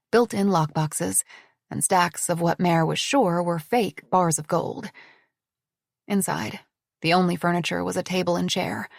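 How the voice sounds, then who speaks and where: A woman narrating an audiobook in a measured, descriptive reading. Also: on the low side, gravelly, a little mellow, no room sound, clean studio sound. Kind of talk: scripted narration.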